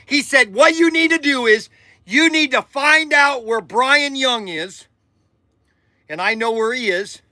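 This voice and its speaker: A man's voice: extremely high pitch, unhurried, pushed and bright, no room sound, clean studio sound. An older man hosting a show, telling a long personal story in a rambling, emphatic way that repeats itself, getting emotional at times. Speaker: podcast host. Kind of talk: casual storytelling.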